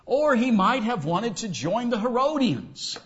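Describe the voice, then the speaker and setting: A man's voice: very high voice, measured pace. A man preaching a sermon to a church congregation, acting out the voices he quotes. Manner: animated, acts out quoted voices. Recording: dull lo-fi recording.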